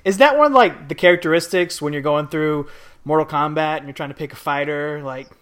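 A man's voice: fairly high pitch, brisk, a bit bright. A man co-hosting a podcast, talking through a wrestling match in an easygoing, conversational way. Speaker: podcast co-host. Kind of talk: casual wrestling match recap.

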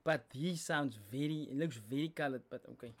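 A man's voice: mid-range voice, fairly quick. A young South African man hosting a reaction video, chatting casually and explaining lyrics as he goes. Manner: chatty, explaining lyrics, code-switching slang.

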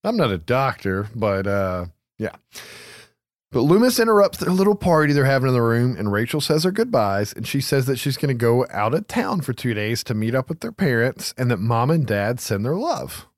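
A man's voice: medium pitch, sing-song, normal speed, no echo, studio quality. A man co-hosting a podcast, casually recapping a film, laughing often and swearing freely. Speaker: podcast co-host. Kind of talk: casual movie recap chat.

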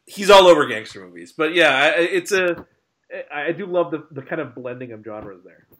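Guy on a movie podcast, bright voice, keeps restarting his sentences, chatty. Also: fairly high pitch, animated. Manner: rambling, halting restarts, frequent laughs. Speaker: podcast co-host. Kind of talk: casual film discussion.

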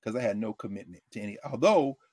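A man giving a lively, conversational political commentary monologue, often acting out quotes from others. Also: lowish voice, fast, slightly rough, no echo, studio quality. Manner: animated, conversational, quoting others in character.

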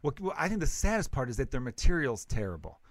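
A man's voice: mid-range voice, very animated, fast talker, a little hiss or hum. A man hosting a comedy podcast, talking bluntly and with plenty of swearing in casual chat. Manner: blunt, profane, opinionated.

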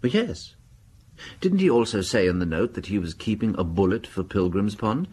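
English priest detective, calm, dry, probing, low husky voice. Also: male voice, moderate pace. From England. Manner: dry, mild, probing questions.

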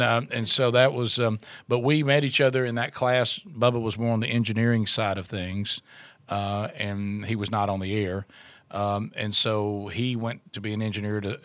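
A man's voice: lowish voice, fairly bright tone, no echo. A middle-aged man, a radio co-host telling his story in an interview, rambling with restarts and fillers.

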